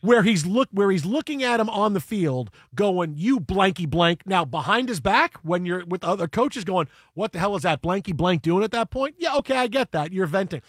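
A man hosts a sports talk show with a husky, fairly high voice. He argues emphatically, circling back and repeating himself to drive the point home. The sound is dry and close. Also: expressive, normal speed, hardly any pauses, no room sound. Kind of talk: casual sports radio chat.

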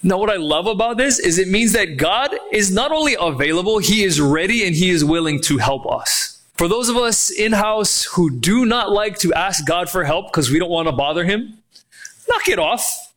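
A man preaching a sermon as pastor, animated and acting out quoted voices. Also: high voice, moderate pace.

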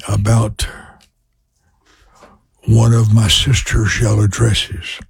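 A man's voice: on the low side, gravelly, husky, dry recording. A man in his eighties from Louisiana with a Southern accent, an evangelist preaching and telling folksy personal stories. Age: 80s. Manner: slow, folksy storytelling with prayer.

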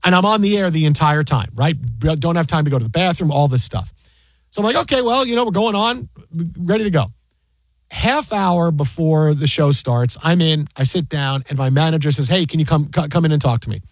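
A man's voice: a little high, animated, brisk, no room sound. A middle-aged man, a sports broadcaster, telling a story in casual chat, acting out the quoted dialogue with many restarts. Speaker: sports broadcaster and podcast guest.

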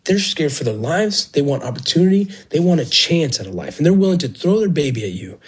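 A former Border Patrol agent and medic tells his own story earnestly and with emotion, restarting now and then. His voice is mid-range and husky, and the recording is rough.

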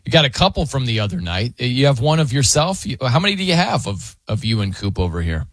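A man's voice: mid-range voice, sing-song, fast, no room sound. A man hosting a radio show, chatting casually, laughing often and mimicking how other people pronounce words. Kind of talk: casual studio banter.

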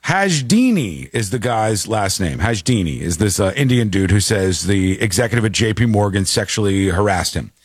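A man's voice: fairly low pitch, expressive, normal speed, few pauses, slightly rough, dry recording, clean studio sound. A man hosting a casual commentary show, talking in an incredulous, joking way. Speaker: show host.

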